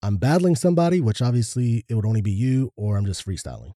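A man co-hosting a podcast, reading birthday shout-outs in a plain, understated way. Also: lowish voice, sing-song, quick pace, no echo, clean studio sound. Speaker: podcast co-host.

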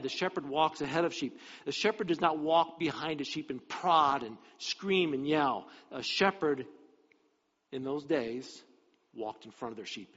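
A male pastor preaching a sermon in an animated way, acting out the dialogue from scripture. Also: medium pitch. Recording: dull, reverberant hall sound.

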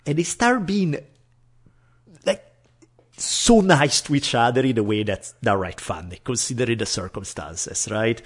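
A man's voice: mid-range voice, unhurried, breathy edge. A man telling a personal story in casual chat, acting out the people he quotes. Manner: animated, acts out quoted voices.

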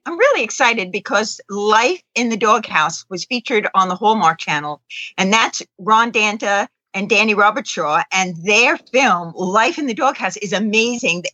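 A woman's voice: medium pitch, animated, moderate pace, sharp tone, no echo, poor audio. Upbeat woman promoting a festival. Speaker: film festival director, radio guest. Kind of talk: radio interview.

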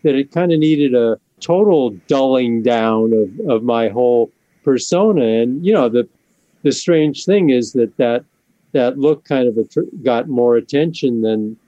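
A man's voice: mid-range voice, unhurried, mellow, dry recording, dull audio. A man, a musician guest, talking in an interview with dry, self-deprecating humor. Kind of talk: casual interview talk.

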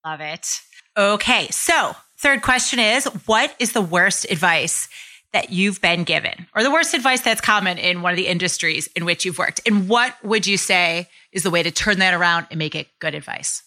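A woman's voice: lowish voice, lively intonation, moderate pace, bright, forceful tone. A woman co-hosting a podcast, asking interview questions in a bubbly, effusive, chatty way.

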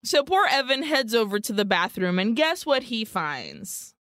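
Higher-voiced woman recapping a movie, profane. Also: moderate pace, no echo, clean studio sound. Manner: lively, profane storytelling with Spanish words mixed in. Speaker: podcast co-host. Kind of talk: casual movie recap chat.

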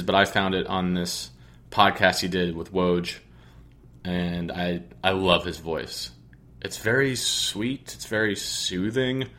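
A man's voice: fairly low pitch, fairly bright tone. A man hosting a sports podcast, chatting casually with a sarcastic, rambling, joking manner. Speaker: podcast host.

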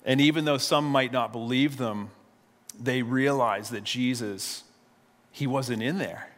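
A man's voice: mid-range voice, a little slow, big-room sound. A male pastor retelling a story in a sermon, casual and conversational, often repeating a word as he restarts.

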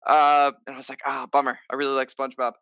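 A man, a stage actor, telling a story in a casual interview, lively and acting out what others said, with lots of filler "like"s. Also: medium pitch, fast, creaky, clear, resonant tone, no echo, studio quality. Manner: animated, acts out quoted lines; many filler likes. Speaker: musical theater actor, guest.

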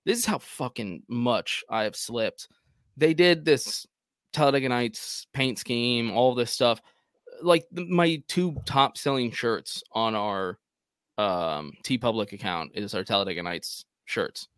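A man's voice: medium pitch, measured pace, a bit bright, smooth, no room sound. A man co-hosting a podcast in casual chat, rambling and self-deprecating about falling behind. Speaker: podcast co-host.

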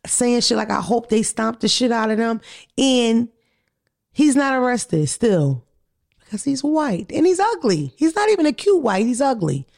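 A woman's voice: on the high side, a little mellow. A woman from Philadelphia hosting a podcast in casual chat, blunt, profane and heated. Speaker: podcast host.

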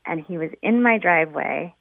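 A woman's voice: fairly low pitch, normal speed, creaky, no room sound. A woman calling a radio show, bubbly and chatty, full of "like" and "um", heard over a phone line. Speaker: caller. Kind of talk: phone-in chat.

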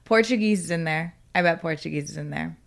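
A woman's voice: sits low, quick pace, gravelly. A woman guest on a podcast in casual chat, laughing often and chatting eagerly. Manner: giggly, chatty.

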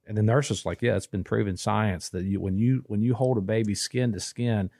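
A man, telling a long story in casual podcast chat, rambling and restarting, animated when he quotes people. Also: on the low side, a little fast, creaky, no echo, clean studio sound. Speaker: podcast co-host.

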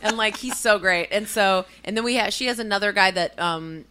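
Bright-voiced, chatty young woman podcaster. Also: medium pitch, brisk, smooth. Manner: chatty, swears freely, excitable storyteller. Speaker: podcast co-host. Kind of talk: casual podcast chat.

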